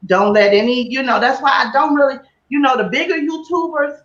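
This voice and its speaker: A woman guest chats in a casual interview, laughing easily and turning earnest when she gives advice. Her voice is a little high. Her audio is roomy and dull. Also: a little fast, a bit bright. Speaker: guest YouTuber.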